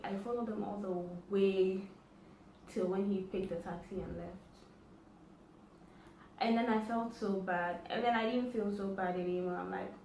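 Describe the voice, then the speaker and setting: A woman's voice: mid-range voice, steady tone, moderate pace, a little mellow, distant mic. Female vlogger, casual storyteller, acts out dialogue; echoey room with faint noise. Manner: chatty, acts out quoted dialogue. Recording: roomy echo, faint background noise.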